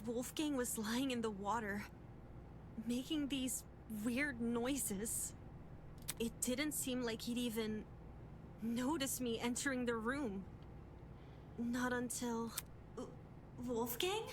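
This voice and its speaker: A woman reading the lines of a timid, self-blaming young woman from a game, slowly and hesitantly. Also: fairly high pitch, steady tone, background noise.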